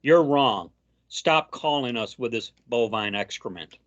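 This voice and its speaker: A man co-hosting a casual political chat, reading news quotes aloud with frequent halting fillers. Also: medium pitch, expressive, fairly bright tone, lo-fi sound. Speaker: co-host.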